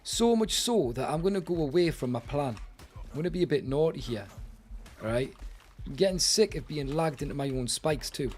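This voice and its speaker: A man's voice: a little high, lively intonation, moderate pace. Chatty British man streaming a game. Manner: chatty, exasperated banter with viewers. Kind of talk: live gaming commentary.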